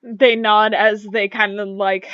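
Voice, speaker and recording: A woman's voice: mid-range voice, level tone, takes it slowly, no room sound. A woman narrating as game master of a tabletop game, in a casual way full of "like" and "kinda". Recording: dull lo-fi dry recording.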